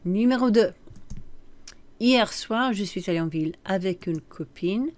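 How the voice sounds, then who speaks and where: A woman's voice: mid-range voice, normal speed, a little mellow. A woman teaching French, reading short sentences and then translating and commenting on them, with asides where she corrects herself. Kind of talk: recorded language lesson.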